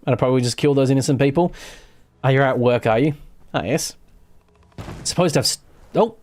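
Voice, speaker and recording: Quick-paced and a little mellow, this mid-range male voice comes from an Australian gaming streamer giving casual live commentary. He tends to ramble, backtrack to correct himself and swear occasionally.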